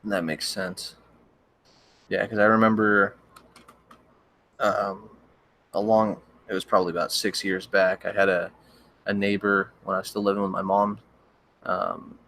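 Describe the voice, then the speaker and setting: A young man, a horror story narrator, chatting casually on a livestream, rambling and hesitant, his voice cracking and needing throat-clearing now and then. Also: fairly low pitch, flat delivery, normal speed, long pauses, a bit bright. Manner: rambling, hesitant, with many restarts and fillers.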